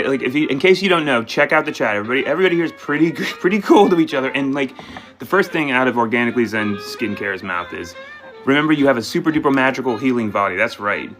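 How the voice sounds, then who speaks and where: Casting note: male tarot host, bright forward tone, rambling and self-correcting, faint music underneath. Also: medium pitch, low-quality recording. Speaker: tarot reader and live-stream host. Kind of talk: live tarot reading, talking to viewers.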